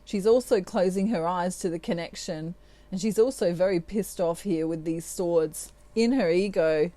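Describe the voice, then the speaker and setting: A woman's voice: on the low side, moderate pace, mellow, no echo. A middle-aged woman giving a tarot reading, laughing often and acting out quoted lines. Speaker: tarot reader.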